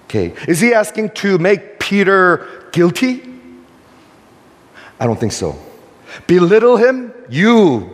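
An older male pastor preaching with lively, swooping pitch that climbs and falls. He presses his points with rhetorical questions, and his voice hangs in the long reverb of a big hall. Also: unhurried, long pauses. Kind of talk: sermon.

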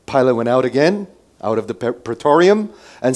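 A man preaching a sermon who moves between loud emphatic lines and quiet asides, and asks his listeners many rhetorical questions. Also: medium pitch, sing-song, normal speed. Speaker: pastor.

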